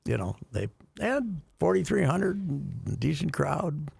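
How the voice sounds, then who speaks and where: A man's voice: fairly high pitch, very animated, slow, darkish tone. An older man telling a rambling, chuckling story in casual radio chat, with frequent restarts. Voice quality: gravelly, husky. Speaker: radio show regular.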